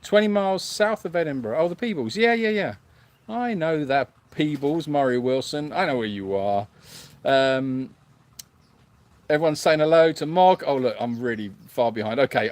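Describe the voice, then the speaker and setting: A man hosting a sanctuary livestream, reading viewer comments aloud in a hesitant, self-mocking way with lots of fillers. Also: medium pitch. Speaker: animal sanctuary host.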